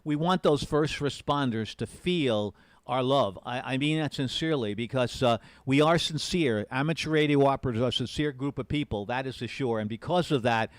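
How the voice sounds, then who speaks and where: A man's voice: mid-range voice, normal speed, dry recording. Earnest man hosting a radio stream. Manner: earnest, rambling, repeats words. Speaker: amateur radio special event station host. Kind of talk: live-streamed radio contact chat. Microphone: desk mic with push to talk.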